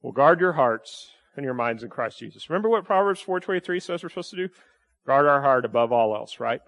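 A man's voice: mid-range voice, expressive, a little fast, fairly bright tone. A middle-aged male pastor preaching a sermon in a conversational way, often checking in with his listeners. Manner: conversational preaching with frequent "right?" asides.

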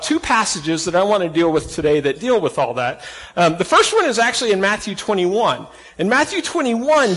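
A man with a high voice preaches with earnest emphasis, firing rhetorical questions at his listeners. His words ring out with a long echo, as though from a big hall. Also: fairly bright tone. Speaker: pastor. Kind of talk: sermon.

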